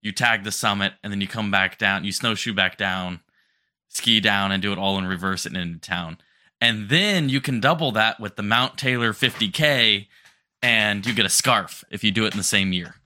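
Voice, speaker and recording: Man, podcast co-host, very bright voice, enthusiastic, explaining, casual. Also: on the low side, moderate pace. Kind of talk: casual conversation.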